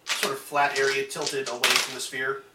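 A man narrating a tabletop game as game master, describing scenes slowly with many pauses and fillers. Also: mid-range voice, monotone, heavy background noise. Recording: echoey room, far from mic.

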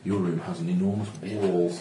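A man's voice: low-pitched, little pitch movement, normal speed. A man narrating a tabletop game as game master for friends, jokey and rambling, laughing often. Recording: echoey room with background noise.

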